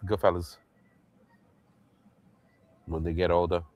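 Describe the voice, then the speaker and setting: A man hosting a livestream in casual chat, animated, laughing often and swearing freely as he acts out movie lines. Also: deep voice, slow, dry recording. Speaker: livestream host.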